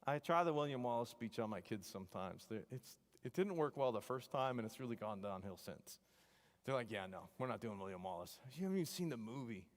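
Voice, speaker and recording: A man, an engineering professor, giving a joking, animated devotional talk to students, full of wry asides. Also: medium pitch, brisk. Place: chapel hall. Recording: long hall reverb.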